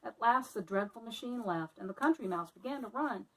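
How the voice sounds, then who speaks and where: A woman's voice: on the high side, fairly quick, distant mic, a little hiss or hum, low-quality recording. Woman teacher reading a storybook aloud. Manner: friendly and expressive. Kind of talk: reading a picture book aloud to children.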